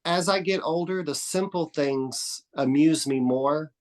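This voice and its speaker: A Texan man guesting on a podcast talks in a slightly high, unhurried voice. In this casual chat he tells meandering stories, often restarting, trailing off, and swearing offhandedly.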